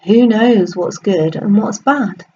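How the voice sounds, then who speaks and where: A woman doing a calm, slow-spoken old farmer. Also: high voice, dull audio, slight background noise. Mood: serene. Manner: slow, unbothered, deliberate.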